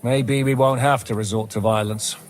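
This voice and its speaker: A man's voice: medium pitch, fairly even intonation, normal speed, close to an everyday voice. An actor playing a decisive male mercenary captain giving orders in a game cutscene.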